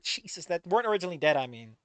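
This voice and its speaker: A man's voice: fairly high pitch, sing-song, rapid-fire, a bit bright, dry recording. A man giving casual, sarcastic read-along commentary on a fan fiction, exasperated and swearing often.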